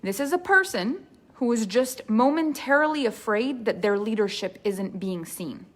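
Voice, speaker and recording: Woman business coach, emphatic and earnest, fairly high voice, teaching a masterclass. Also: expressive, normal speed.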